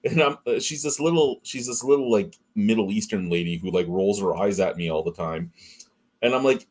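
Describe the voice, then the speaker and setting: A man with a low, husky voice tells stories in a loose podcast chat. He is animated and swears freely. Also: moderate pace. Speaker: podcast host. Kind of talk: casual chat. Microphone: streaming call setup.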